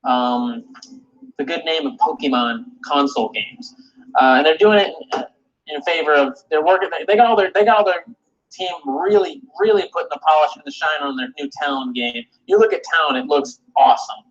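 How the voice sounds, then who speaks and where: Husky man in a profane rant. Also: fairly high pitch, moderate pace. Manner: animated, cursing, repeats himself and mimics others. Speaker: video game commentator. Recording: dull lo-fi audio.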